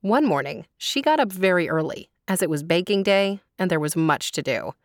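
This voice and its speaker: A woman storyteller reading a folktale in a clear, measured way. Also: fairly low pitch, expressive, no room sound, studio quality. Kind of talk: storybook narration.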